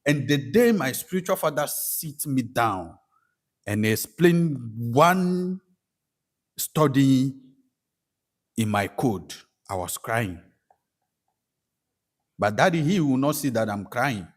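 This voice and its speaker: With a Ghanaian English accent and a mid-range voice, a man shares his testimony as a spiritual practitioner, going slowly with frequent pauses. He animates the story and plays out what people told him.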